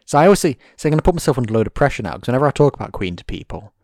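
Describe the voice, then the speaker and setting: A man's voice: medium pitch, racing, dry recording, studio quality. A man chatting casually and animatedly, often acting out quotes. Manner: animated, acts out quotes in put-on voices. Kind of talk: casual chat.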